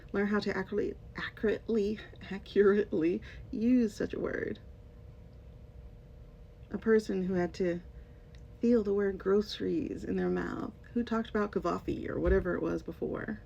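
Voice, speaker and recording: A woman's voice: creaky, warm tone. A woman who used to teach English, talking to her viewers in a casual commentary vlog. She is sarcastic and emphatic and addresses her audience directly. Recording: dull lo-fi sound with faint rumble.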